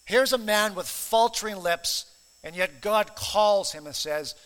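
A man's voice: high voice, a little slow, fairly bright tone, clean tone, big-room sound. A man preaching a sermon in an earnest, emphatic way, stressing and repeating key phrases. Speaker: pastor.

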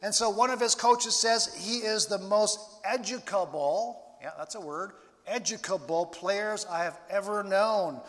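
A man preaching a sermon as a pastor, slow and deliberate with dramatic pauses. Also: high voice, animated, fairly bright tone, in a large hall.

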